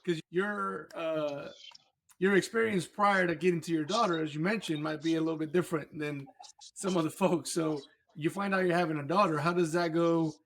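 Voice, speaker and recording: A man hosting a podcast, framing his interview questions in a measured way with a few restarts. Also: on the high side, steady tone, creaky, a bit bright, a little hiss or hum. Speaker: podcast host.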